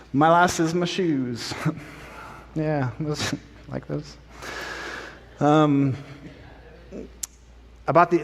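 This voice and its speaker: Middle-aged pastor guy telling a story on himself, lively, voice rings around a big church. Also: mid-range voice. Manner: animated, self-deprecating storyteller. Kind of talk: sermon with personal storytelling. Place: church sanctuary. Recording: long church hall reverb.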